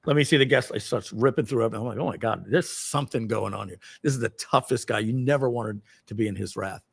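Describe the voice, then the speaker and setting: A man's voice: medium pitch, a little fast, vocal fry, husky. A middle-aged man telling a personal story to an audience, acting out the people in it with a raised voice and casual asides. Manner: acts out quoted people with loud raised voice; casual, swears lightly, many asides.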